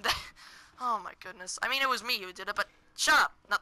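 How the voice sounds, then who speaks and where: A woman's voice: a little high, a little fast, bright, forceful tone, low-quality recording. A teenage girl commentating a horror game, hyper and jumpy, yelping and screaming at every scare. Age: teens. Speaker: gaming commentator. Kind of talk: let's play commentary.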